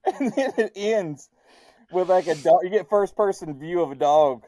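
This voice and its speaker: A man's voice: high-pitched, normal speed, dark tone. A man with a Southern US accent co-hosting a horror movie podcast, bantering, swearing and laughing with his friend. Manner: laughing, playful, crude banter. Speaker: podcast co-host. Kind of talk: casual movie review chat.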